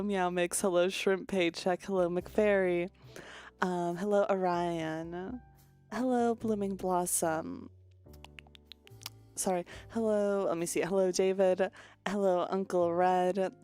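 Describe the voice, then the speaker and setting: Deadpan, low-voiced woman streamer. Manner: deadpan delivery. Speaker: VTuber streamer. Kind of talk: casual chat.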